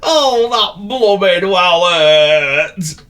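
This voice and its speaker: A whiny, accident-prone goat wailing in a high, strained, squeaky voice. His cries jump far up and sound nothing like an everyday speaker. A storybook figure who always seems to be getting hurt. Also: expressive, extremely slow, sharp tone, heavily acted.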